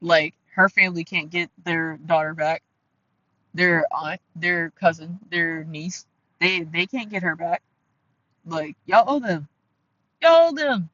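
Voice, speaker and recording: Male vlog host, Ohio accent, nasal, forceful bright tone, earnest and rambling, dry close sound. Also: on the high side, fairly even intonation, slow, no room sound, lo-fi sound. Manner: rambling, many fillers and restarts, earnest. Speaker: commentary channel host. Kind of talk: casual commentary vlog.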